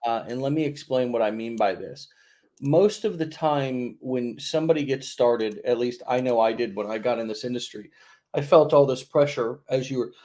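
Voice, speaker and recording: A man hosting a casual interview, explaining his point in a measured way. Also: mid-range voice, mellow. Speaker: host.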